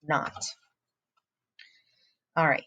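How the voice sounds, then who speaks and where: A woman's voice: drawn-out words, sharp tone, dull audio. A woman teacher talking pupils through a phonics lesson, patient and encouraging, praising them often. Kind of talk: recorded phonics lesson walkthrough.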